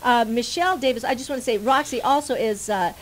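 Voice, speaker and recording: Bubbly lady radio host, kinda high voice, chatty, faint hiss behind. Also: fast, rough recording. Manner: bubbly, laughs often. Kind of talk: casual radio talk show chat. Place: radio studio.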